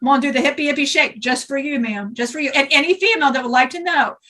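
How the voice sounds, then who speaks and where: A woman's voice: high-pitched, fast talker, sharp tone, recorded from a distance. A woman channeling a rowdy, joking male spirit who talks in a boisterous, rambling way.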